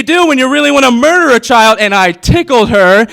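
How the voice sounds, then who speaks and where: A man's voice: extremely high pitch, expressive, a little fast, vocal fry, sharp tone. Nervous, rambling young male comedian. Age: 20s. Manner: nervous, rambling, with many fillers. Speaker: stand-up comedian. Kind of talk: stand-up comedy set. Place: comedy stage before a live audience.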